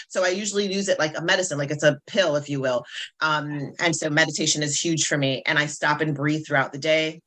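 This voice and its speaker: An animated, upbeat woman talks as a self-esteem coach in a casual interview. Her voice is bright and forceful, and she tells her stories with plenty of energy. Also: deep voice, brisk.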